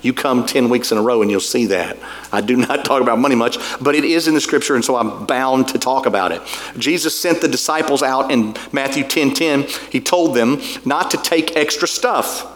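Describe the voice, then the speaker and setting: A pastor delivers his sermon in a folksy, chatty manner. He keeps turning to the congregation with asides. His voice sits at an ordinary middle pitch for a man. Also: normal speed. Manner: folksy, conversational preaching with asides.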